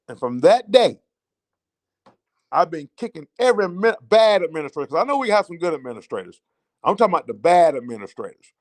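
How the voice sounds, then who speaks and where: Southern man host, fairly high voice, impassioned repetitive storyteller. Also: sing-song, fast talker. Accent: Southern American. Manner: emotional, repetitive storytelling with rising indignation. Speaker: teachers' association advocate hosting a show. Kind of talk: impassioned spoken monologue.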